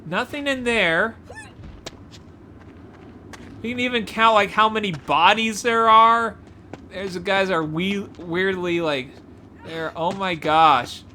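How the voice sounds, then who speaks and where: A woman gives excited gameplay commentary, often gasping and exclaiming as she explores. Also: medium pitch, takes it slowly, long pauses, a little hiss or hum. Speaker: gameplay video creator.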